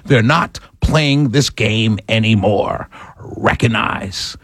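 A man's voice: fairly low pitch, big pitch swings, drawn-out words, a bit bright, husky, dry recording. A male talk show host giving a political commentary monologue, laughing often and slipping into a mock-preacher cadence.

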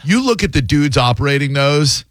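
A man's voice: a little high, big pitch swings, normal speed, dry recording. A man hosting a call-in radio talk show, bantering in a loose, jokey, slangy way. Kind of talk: casual call-in radio chat.

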